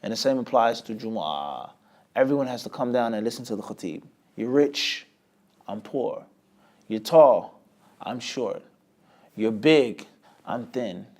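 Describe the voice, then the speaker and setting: A man teaching an Islamic lesson, often asking a rhetorical question and answering it himself, with sudden swings between loud and quiet. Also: mid-range voice, unhurried, long pauses. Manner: lively, with many sudden rises and drops in loudness. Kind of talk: lecture class.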